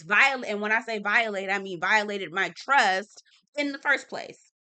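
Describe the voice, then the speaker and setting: A woman recapping a reality-TV episode in a casual vlog, blunt and animated, swearing freely and talking straight to her viewers. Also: on the high side, moderate pace. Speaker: TV review vlogger.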